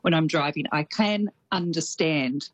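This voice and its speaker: A woman's voice: low voice, measured pace, no echo, poor audio. A middle-aged Australian woman with a slight Kiwi tinge, chatting enthusiastically as a radio show's New Zealand correspondent. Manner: chatty, enthusiastic, laughs easily.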